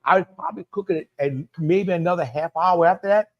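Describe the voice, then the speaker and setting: A man with a Cajun accent walks viewers through a dish live, talking loosely and circling back on his own phrases. His voice sits a bit higher than most men's. He calls out to people in the chat by name as he cooks. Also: fairly quick, lo-fi sound. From Louisiana. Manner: chatty, repeats himself, talks to viewers by name. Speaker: cooking show host. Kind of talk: live cooking demonstration.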